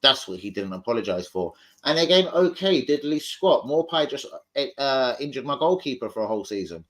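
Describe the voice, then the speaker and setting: A man's voice: medium pitch, animated, brisk, fairly bright tone. A man hosting a live stream, debating football bluntly, swearing freely and arguing with his chat.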